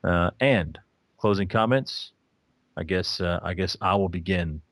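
Podcast host, low voice, dry mic, laid-back plugs and shoutouts. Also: male voice, a little slow, no echo. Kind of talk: casual podcast chat. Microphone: new microphone.

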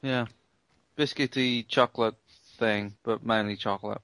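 A man co-hosting a casual podcast chat, talking quickly and laughing often. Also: mid-range voice, steady tone, a bit bright, dry recording. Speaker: podcast co-host.

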